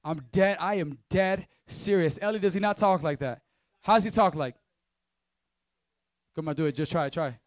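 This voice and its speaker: A man's voice: fairly high pitch, normal speed, long pauses, no echo. A man speaking as a youth pastor, giving a casual, slangy sermon and talking straight to the crowd.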